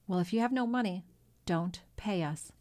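A woman's voice: lowish voice, moderate pace, a little mellow, lightly acted. A woman doing a blunt old sailor. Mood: earnest.

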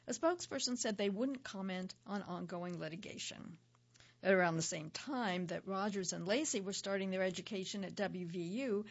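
A woman reads a radio news report in a steady, scripted manner. Her voice is slightly husky and sits at a middle pitch. The audio is dull and lo-fi, like a broadcast recording.

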